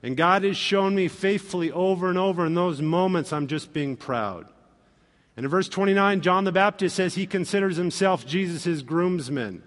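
Male pastor, high voice, animated sermon delivery, reverberant church sound. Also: normal speed. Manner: animated, acts out quoted voices with humor.

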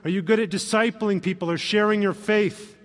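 A man preaching a sermon as pastor, animated and acting out quoted voices. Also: high-pitched, fairly quick. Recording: long reverb of a hall.

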